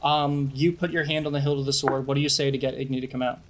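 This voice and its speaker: A man's voice: medium pitch, little pitch movement, fast talker, background noise. A man running a tabletop game as game master, narrating loosely with fillers.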